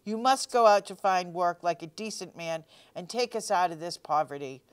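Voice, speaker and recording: A sharp-tongued wife at the end of her patience scolds from a storybook, slow and pointed, as a woman reads her lines. The voice sits low and stays smooth and clear. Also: close to an everyday voice. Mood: scolding.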